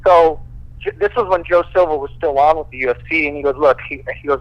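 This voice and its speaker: A man, a fighter guest, casually telling profane, animated stories full of quoted dialogue. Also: fairly high pitch, fast talker, highs cut off. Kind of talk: casual storytelling.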